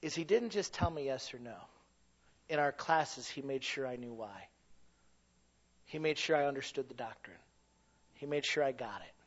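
A man preaching a sermon in an animated, folksy way that sometimes rises to a shout. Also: mid-range voice, normal speed, long pauses. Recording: dull lo-fi sound.

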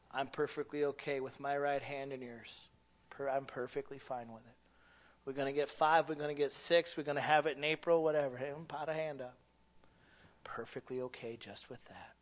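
A man preaching a sermon in an animated, folksy way that sometimes rises to a shout. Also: a little high, moderate pace. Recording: dull lo-fi sound.

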